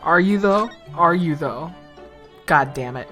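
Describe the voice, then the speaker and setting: Low, slow-talking woman playing a game. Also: lively intonation, fairly bright tone, faint music behind. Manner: swears freely, laughs often. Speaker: let's play gamer. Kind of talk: casual game commentary.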